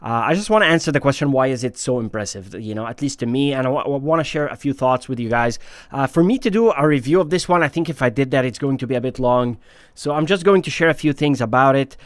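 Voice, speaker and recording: A headphone reviewer hosts his own channel, speaking fast in a mid-range voice on a dry recording. His product review talk is casual and enthusiastic, with frequent hesitations and fillers.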